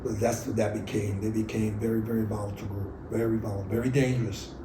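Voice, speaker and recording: A man's voice: fairly low pitch, flat delivery, quick pace, reverberant, noisy background. A man, telling his life story bluntly and profanely in an oral history interview. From New York City.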